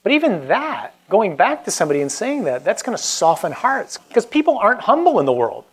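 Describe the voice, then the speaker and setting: Male priest, slightly higher voice, informal and emphatic preacher. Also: huge pitch swings, fairly quick, husky. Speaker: Catholic priest. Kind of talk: conversational preaching and prayer.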